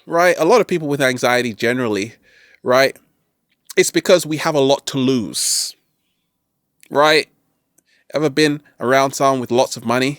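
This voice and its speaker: A man hosting a self-help video, giving an animated, playful motivational talk to camera. He keeps asking "right?" and throws in jokey catchphrase asides. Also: a little high, clean tone, dry recording, clean studio sound.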